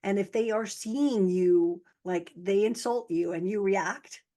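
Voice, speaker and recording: A woman host in casual interview chat, talking in an animated way and acting out how people react. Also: medium pitch, takes it slowly. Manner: animated, acts out quoted reactions.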